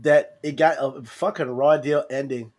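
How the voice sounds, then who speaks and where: A man co-hosting a casual podcast chat, profane and animated, acting out quotes in a raised voice. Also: mid-range voice, unhurried. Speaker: podcast co-host.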